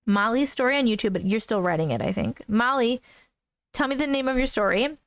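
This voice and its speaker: A woman's voice: a little high, brisk, a bit bright, dry recording. A woman hosting a casual livestream at home, reading viewer comments aloud, easily spooked and laughing often. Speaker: host reading viewer stories. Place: home room.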